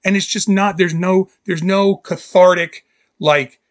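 Excitable guy gushing about movies, kinda high voice, acts out the scenes. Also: a little slow, no echo. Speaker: podcast co-host. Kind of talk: casual movie-review chat.

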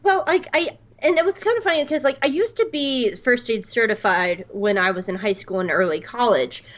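A woman in her late twenties telling a story on a podcast in a casual, animated way, with lots of fillers and restarts. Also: fairly high pitch, moderate pace, muffled recording. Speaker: podcast co-host.

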